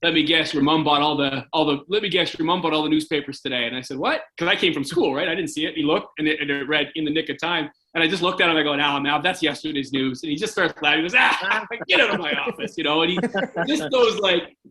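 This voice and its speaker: A man's voice: fairly high pitch, quick pace, hardly any pauses, sharp tone, poor audio. A man in his forties from Canada, a former hockey goalie telling stories in a casual interview, rambling with lots of "like" and "right?".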